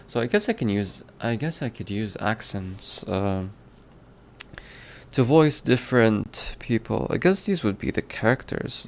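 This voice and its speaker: A man on a casual livestream, thinking out loud about his game and answering his chat. His voice sits low and gravelly, and he takes his time, stopping to muse and to toy with mock accents. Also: animated, measured pace, a little hiss or hum. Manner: musing, reads chat aloud, toys with mock accents. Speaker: indie game developer streaming his work.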